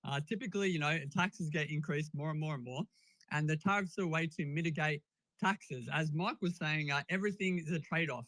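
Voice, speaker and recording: A man with an Australian accent speaking as a guest on a live audio chat, measured with hesitant fillers and wry asides. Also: fairly high pitch, a bit bright, dry recording, low-quality recording. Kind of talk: casual opinion talk.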